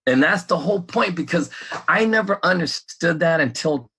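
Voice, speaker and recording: A man co-hosting a casual podcast. He talks in a rambling, animated way, laughs often and swears now and then. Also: fairly high pitch, moderate pace, a little hiss or hum. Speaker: podcast co-host.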